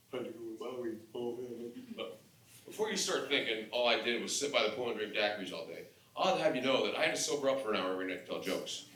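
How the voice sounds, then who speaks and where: A man doing a stand-up comedy set on stage, telling profane, animated stories and breaking into mock shouting. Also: lowish voice. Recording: echoey room from far off, noisy. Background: audience laughter.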